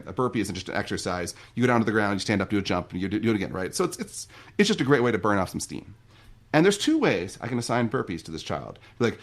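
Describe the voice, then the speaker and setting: A middle-aged man, a guest on a podcast, telling stories and explaining ideas in a relaxed, conversational way. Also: on the low side. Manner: fast, animated storytelling. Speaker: podcast guest, marriage coach.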